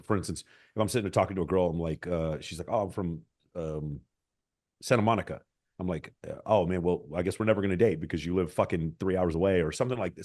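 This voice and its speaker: Fast-talking deep-voiced man. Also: a little mellow. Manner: rambling, filler-heavy. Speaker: dating coach panelist. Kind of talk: casual panel discussion.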